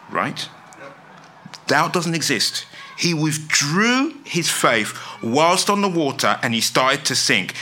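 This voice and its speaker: A man preaching with a very bright, tense edge to his voice. His pitch leaps up and down as he drives his points home, pressing his listeners with rhetorical questions. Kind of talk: sermon.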